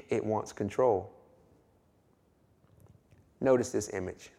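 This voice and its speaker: A man preaching a sermon, emphatic and drawn-out, telling a fable to make his point. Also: fairly low pitch, gravelly, mellow. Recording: long hall reverb.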